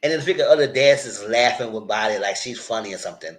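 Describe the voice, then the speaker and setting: A man hosting a casual live recap, retelling scenes in a loose, animated way and quoting the characters as he goes. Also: mid-range voice, fast talker. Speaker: TV recap host.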